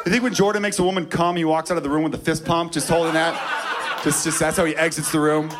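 A man from Chicago doing a crude, excitable stand-up set on a club stage, slipping into frenzied shouting bits. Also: on the high side, fast talker. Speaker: stand-up comedian. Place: comedy club stage with audience. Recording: live club recording with crowd noise. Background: audience laughter.

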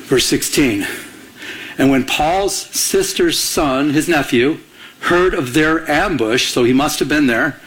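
A man delivering a sermon in a fairly high voice. He talks conversationally and pauses for the congregation to call out the missing word of a verse. In his stories he acts out each character with a raised voice. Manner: conversational preaching with call-and-response questions. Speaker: pastor.

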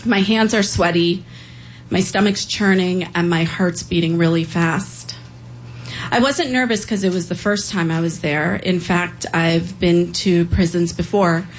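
A woman telling a serious personal story on stage, earnest and a little halting. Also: lowish voice, slight background noise, low-quality recording. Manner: earnest, a bit halting with fillers.

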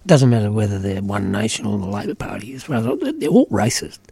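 A middle-aged Australian man with an Australian accent talks earnestly in casual conversation. His voice is gravelly and husky, with a mellow, dark tone. The sound is dry and close. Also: fairly low pitch, lively intonation, quick pace, no echo. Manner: earnest, emphatic, many "you know" fillers.

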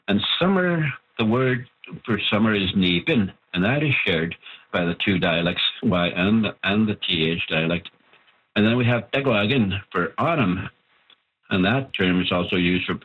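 A man with a fairly low, husky voice answers interview questions at length, measured and explanatory. He comes through a thin, tinny phone line. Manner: patient, explanatory, spells out terms slowly. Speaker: author of a Cree language book, interview guest.

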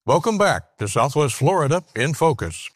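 A man reading a scripted radio news feature as anchor, in a measured newsreader delivery. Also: a little high, big pitch swings, no room sound, studio quality.

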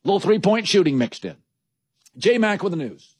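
A man's voice: high-pitched, big pitch swings, moderate pace, darkish tone, a little hiss or hum. A man hosting a sports talk show, giving opinions in emphatic, punchy short phrases.

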